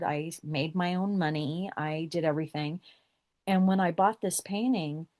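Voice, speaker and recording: A woman's voice: low voice, a little mellow, no echo, clean studio sound. A middle-aged woman telling a personal story as a podcast guest, acting out the exchanges she recounts.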